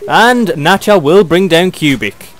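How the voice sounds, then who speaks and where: A young British man doing excitable play-by-play commentary on a video game match, chuckling often. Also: sits high, a little slow.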